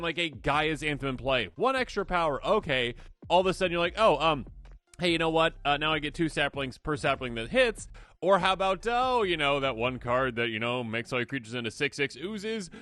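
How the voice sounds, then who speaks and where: A man hosting a card game video, talking casually and excitably, slipping into quick imagined voices. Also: a little high, no echo. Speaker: host.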